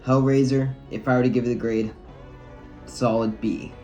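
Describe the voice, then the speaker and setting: A man's voice: mid-range voice, flat delivery, moderate pace, highs cut off, over music. A man giving a casual video review of a film, talking loosely and frankly with lots of "like" and some swearing. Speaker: movie reviewer.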